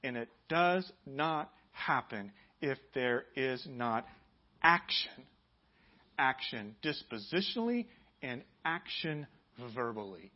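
A man's voice: sing-song, slow. Emphatic preaching man, lo-fi audio. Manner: emphatic preaching, rising loud and high on key points. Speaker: pastor. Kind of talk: sermon.

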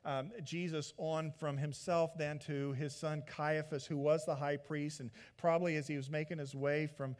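A man preaching a sermon as a pastor, retelling the story in a lively way and acting out the people in it. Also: on the high side, normal speed, few pauses. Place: church sanctuary. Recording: long church reverb.

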